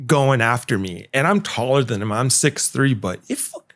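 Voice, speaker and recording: A man hosts a podcast and tells a wild work story in loose, swearing chat. His voice sits at an everyday middle pitch, and he keeps the telling animated. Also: normal speed. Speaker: podcast host. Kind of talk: casual storytelling.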